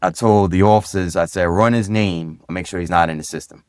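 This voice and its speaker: A middle-aged man from Brooklyn, a former police sergeant guesting on a podcast, telling stories from his career in an easygoing, direct way and getting animated when he acts out conversations. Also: low voice, a little fast, clear, resonant tone, no echo, studio quality. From Brooklyn, New York. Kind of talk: casual storytelling in a podcast interview.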